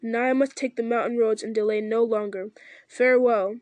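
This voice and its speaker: A woman's voice: a little high, fairly even intonation, moderate pace, darkish tone, no room sound, close to an everyday voice. A woman reading as an old, grieving king. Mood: sorrowful. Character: old, sorrowful male king taking leave.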